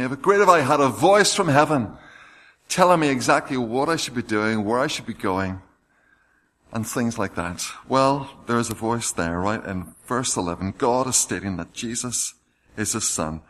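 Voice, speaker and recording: Man, sermon, mid-pitched voice, reads scripture aloud with emphasis. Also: a bit bright. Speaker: preacher.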